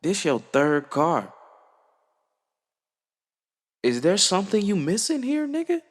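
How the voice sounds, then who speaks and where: Man doing a scolding mother, raised pitch, blunt questioning, echoey room. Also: huge pitch swings, normal speed, heavily acted. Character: scolding mother warning her son.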